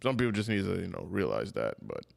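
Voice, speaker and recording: A man's voice: deep voice, big pitch swings, fast talker, gravelly. A man co-hosting a casual gamer podcast, talking in a laid-back, slangy way.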